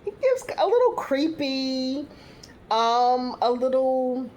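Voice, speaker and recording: A woman's voice: high voice, sing-song, takes it slowly, a little mellow. A young adult woman giving a casual recap review, chatty and full of fillers, with blunt, sassy asides.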